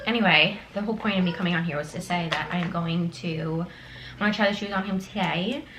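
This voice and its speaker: A woman's voice: on the low side, fairly quick, noisy background. A young pregnant woman chatting casually in a home vlog, rambling with lots of fillers and slightly out of breath. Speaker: vlogger and mother.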